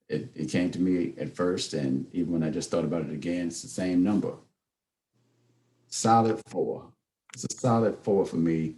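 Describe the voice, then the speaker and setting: A man co-hosting a movie podcast in casual chat, laid-back and measured, with drawn-out fillers. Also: deep voice, darkish tone. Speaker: podcast co-host.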